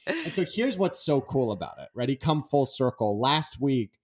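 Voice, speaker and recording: A man's voice: medium pitch, moderate pace. A man, a guest author, telling stories in an interview and acting out the dialogue. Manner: animated, acts out dialogue. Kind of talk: storytelling in an interview.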